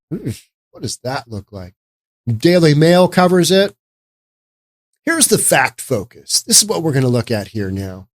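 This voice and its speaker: Brief: male commentator, slightly higher voice, sarcastic, rambling delivery. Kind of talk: casual political commentary.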